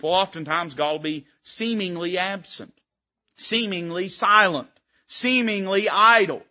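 A man's voice: high-pitched, unhurried, pushed and bright, muffled recording. A man preaching a sermon from the pulpit, speaking in an emphatic, rising-and-falling preaching cadence. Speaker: pastor. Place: church sanctuary.

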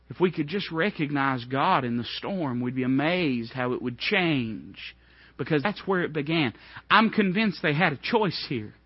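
A man preaching a sermon, swinging from hushed, low lines to ringing, high outbursts. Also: slightly rough, no room sound, highs cut off.

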